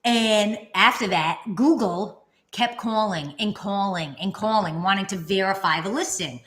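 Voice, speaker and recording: A woman's voice: medium pitch, a little slow. A woman co-hosting a casual vlog, telling stories and acting out the people in them with a raised voice. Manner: animated, acts out quotes in raised voice. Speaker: vlog co-host. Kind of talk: casual storytelling chat. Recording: echoey room.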